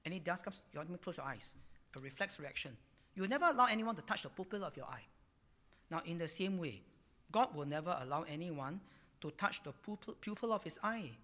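A man delivers a sermon in a high, bright voice that swoops up and down with emphasis. He drives his points home with rhetorical questions. He caps phrases with little particles like "lah" and "no". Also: expressive, quick pace. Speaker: preacher.

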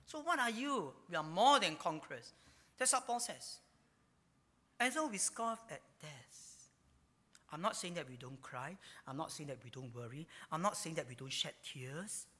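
Lively pastor. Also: male voice, fairly high pitch. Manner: animated, ends phrases with a drawn-out "ah". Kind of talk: sermon. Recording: long reverb of a hall.

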